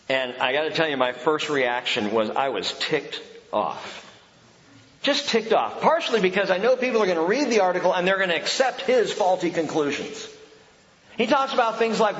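High-voiced man preaching in an echoey hall. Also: very animated, normal speed, a bit bright. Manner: conversational, emphatic preaching with rhetorical questions. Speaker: pastor and Bible teacher. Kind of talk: sermon. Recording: echoey hall, dull lo-fi sound.

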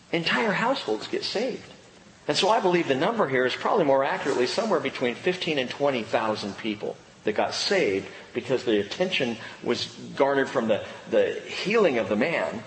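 A middle-aged male pastor preaching a sermon, swinging from excited high exclamations to low, earnest emphasis. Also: moderate pace, roomy sound, slight background noise, low-quality recording.

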